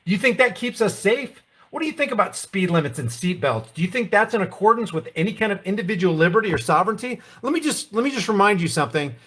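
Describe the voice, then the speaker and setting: Guy with a high voice doing a sarcastic political rant, lots of rhetorical questions. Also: lively intonation, fast, fairly bright tone, slightly rough. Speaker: commentary host.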